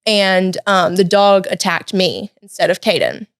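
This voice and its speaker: A young woman in her late teens, a podcast guest, telling a personal story in a lively, chatty way with lots of "like" and "um". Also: mid-range voice, a little slow, no echo, studio quality. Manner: lively, chatty, many "like" and "um" fillers. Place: podcast studio.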